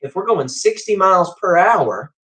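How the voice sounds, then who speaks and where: A man's voice: sits high, big pitch swings, moderate pace, fairly bright tone, recorded from a distance, voice pushed up. A man teacher quoting a teasing husband who keeps quizzing his sleepy wife. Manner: insistent, needling.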